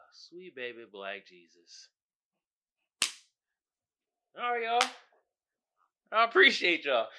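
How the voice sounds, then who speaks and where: Animated laughing podcast host man. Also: sits high. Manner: animated, laughing, exasperated riffing with slang. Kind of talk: casual solo podcast chat.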